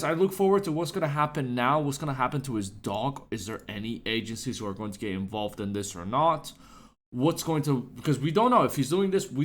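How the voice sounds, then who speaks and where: A man giving a sarcastic, indignant commentary rant as a YouTuber, his pitch jumping up for emphasis.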